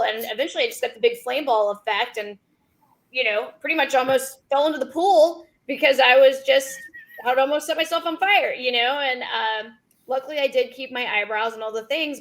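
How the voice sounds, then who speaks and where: Woman podcast guest, slightly high voice, upbeat and self-mocking. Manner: bubbly, self-deprecating, lots of fillers. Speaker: podcast guest, food blogger. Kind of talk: casual chat.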